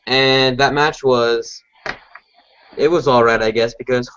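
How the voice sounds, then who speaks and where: A man hosting a podcast, reviewing a show in relaxed, casual chat full of fillers. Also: mid-range voice, measured pace, slight background noise. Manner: relaxed, chatty, many fillers. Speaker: podcast host. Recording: dull lo-fi recording.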